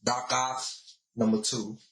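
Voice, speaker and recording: A man co-hosting a casual podcast speaks in a bright, mid-pitched voice. He is laid-back and slangy, and backs up his partner often. The room gives the sound a clear echo. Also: little pitch movement, slow. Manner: laid-back, agreeable, lots of backchannel and slang. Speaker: podcast co-host. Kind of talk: casual chat. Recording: roomy echo.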